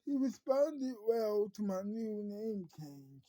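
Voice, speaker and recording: A woman doing Randy, a halting, content friend. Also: medium pitch, sing-song, mellow, no echo, pitched above the performer's own voice, rough recording. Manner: hesitant, halting with fillers.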